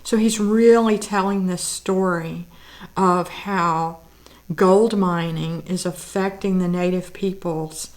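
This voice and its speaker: A woman's voice: on the low side, steady tone, slow pace, a little mellow. A woman artist talking through her art book collection, gushing with admiration and audibly teary, lingering on words of praise. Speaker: artist and vlogger. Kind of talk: casual show-and-tell of art books.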